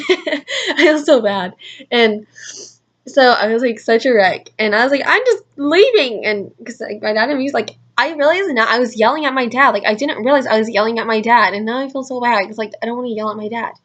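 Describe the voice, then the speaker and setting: A woman's voice: a little high, fairly even intonation, fast, a bit bright, lo-fi sound. A young adult woman telling a story in a casual vlog, rambling with constant "like" fillers. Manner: rambling, heavy use of "like" fillers. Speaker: vlogger.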